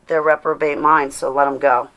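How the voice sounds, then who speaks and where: A woman's voice: sits low, level tone, moderate pace, a bit bright, highs cut off. A tired woman hosting a casual livestream, preaching to and chatting with her viewers and laughing often. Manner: preachy, reads chat aloud, laughs often. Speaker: livestream host.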